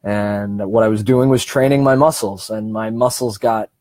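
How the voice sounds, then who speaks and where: Mellow-voiced man giving a casual breathing seminar. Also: lowish voice, fairly even intonation, no room sound. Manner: conversational and encouraging, with frequent restarts and slow, deliberate stretches. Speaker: self-help speaker.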